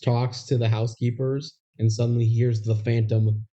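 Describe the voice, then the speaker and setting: A man's voice: medium pitch, flat delivery, normal speed, warm tone. Man recapping a movie in a dull lo-fi recording. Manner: retells scenes, acting out lines. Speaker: podcast co-host. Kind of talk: casual movie recap chat.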